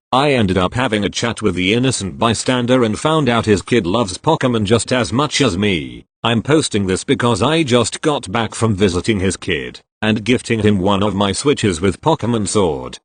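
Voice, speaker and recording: A man reads online stories aloud, his pace running uneven. His voice is low but swings lively in pitch. The sound is dry and close, with no room around it. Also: no echo. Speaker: reader of online posts.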